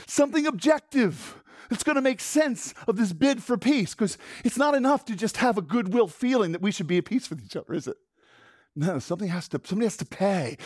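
A male pastor preaches with a high, lively voice that swoops up and down. He restarts his phrases and repeats words, and he puts questions straight to his listeners. The recording is close and dry, with no room sound. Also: brisk, dry recording. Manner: rhetorical questions to the congregation. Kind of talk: sermon.

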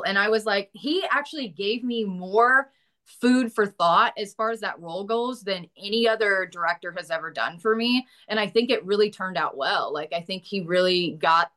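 A woman's voice: medium pitch, moderate pace, a bit bright. A woman with a Southern US accent, an actress chatting casually in an interview, laughing often and swearing lightly. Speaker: actress guest.

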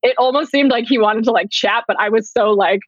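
A woman's voice: fairly high pitch, brisk, no room sound. A woman author and journalist chatting as a podcast guest in a talkative, self-conscious way, peppering her speech with "like". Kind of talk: casual podcast interview. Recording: dull lo-fi dry sound.

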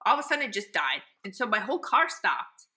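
A middle-aged woman co-hosting a podcast, telling a story in a dramatic, animated way and laughing often. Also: medium pitch, fast. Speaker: podcast co-host. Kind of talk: casual chat.

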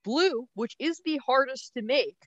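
A woman co-hosting a podcast, explaining science briskly in a casual, easygoing way. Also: high voice, animated, no room sound, highs cut off. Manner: brisk, explanatory, laughs easily. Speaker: podcast co-host.

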